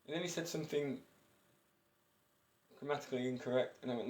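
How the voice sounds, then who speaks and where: A man's voice: medium pitch, brisk, darkish tone. A breathless man in his fifties, chatting in a rambling, eccentric way and chuckling often as he talks to camera. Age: 50s. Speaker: vlogger. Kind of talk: casual personal monologue. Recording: roomy echo.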